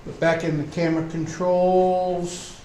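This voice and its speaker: A man presenting at a club meeting, slowly and haltingly reading through software menu settings. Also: high voice, level tone. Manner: slow, halting, reads off menu items. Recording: roomy meeting hall, faint hum.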